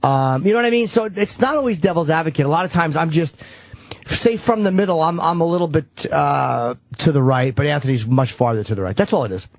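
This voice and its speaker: A male radio host thinks out loud on air, circling back and correcting himself as he goes, with plenty of swearing. His voice sits a little high for a man. The studio sound is dry and close. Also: expressive, fairly quick, gravelly, no echo. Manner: rambling, self-correcting, profane. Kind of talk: casual radio talk. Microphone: studio microphone.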